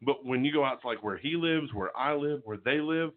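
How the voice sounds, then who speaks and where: A man's voice: medium pitch, a little fast. A man in his fifties from southern Mississippi with a Southern American accent, joking and telling stories in casual chat. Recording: tinny phone-like audio.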